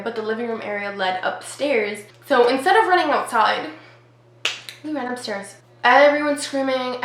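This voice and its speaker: Chatty young woman with a high voice. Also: a bit bright. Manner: chatty, heavy use of "like". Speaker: vlogger. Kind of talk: casual storytime. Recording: echoey room with faint noise.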